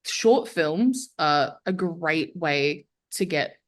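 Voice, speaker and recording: A woman's voice: deep voice, animated, extremely slow. A young adult woman, a guest filmmaker chatting casually and candidly on a podcast, full of "like" fillers. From Australia.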